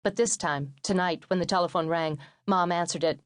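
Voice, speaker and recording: A woman narrating a memoir audiobook in a steady, measured reading voice, acting out quoted lines lightly. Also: fairly low pitch, no room sound, studio quality.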